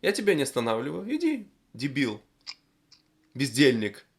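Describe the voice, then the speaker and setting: A loud, exasperated old Russian father scolds his son with sharp, dismissive words, his voice jumping high and hard, as a man puts him on. He sounds tired of it all and waves the boy off. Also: huge pitch swings, moderate pace, slightly rough, exaggerated voice. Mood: scolding.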